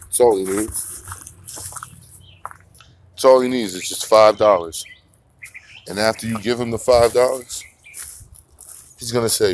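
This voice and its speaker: A man's voice: fairly low pitch, steady tone, a little slow, long pauses, slight background noise. Rambling, profane man doing commentary. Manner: rambling, profane, mocking, laughs often. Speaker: commentary channel host. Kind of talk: casual morning commentary.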